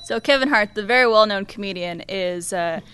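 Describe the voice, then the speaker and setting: A woman's voice: medium pitch, a little fast, fairly bright tone, clean tone, poor audio. A woman guesting on a comedy game show, telling a silly improvised story in an easygoing way. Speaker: guest panelist. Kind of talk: casual comedy banter.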